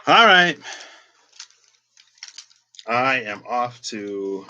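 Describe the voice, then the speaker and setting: A man's voice: on the low side, steady tone, measured pace, fairly bright tone. A man giving a casual, reflective talk on spirituality and tarot, meandering with many fillers as he thinks aloud. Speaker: tarot reader.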